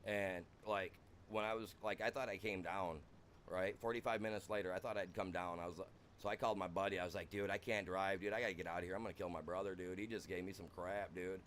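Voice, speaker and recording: A man's voice: low voice, fairly even intonation, fast talker, a bit bright, slight background noise. A young American man streaming a farming game, rambling through a wild personal story and saying "dude" constantly.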